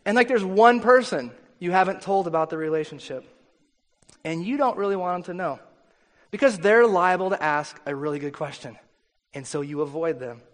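A male pastor preaching a sermon in a conversational, animated storytelling way, often restarting his sentences. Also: high voice, moderate pace. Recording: long hall reverb.

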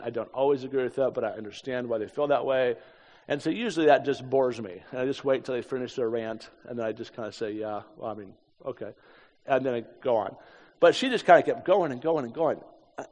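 A preacher from the United States in his fifties tells a story during a sermon, dropping casual, self-deprecating asides. His voice is medium-pitched with a darkish tone, recorded in an echoey hall.

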